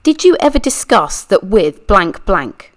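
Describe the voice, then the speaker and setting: A woman's voice: medium pitch, sing-song, unhurried. A woman reading as a pressing, methodical lawyer. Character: persistent adult lawyer questioning a witness. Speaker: true crime channel reader. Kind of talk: read-aloud deposition reenactment.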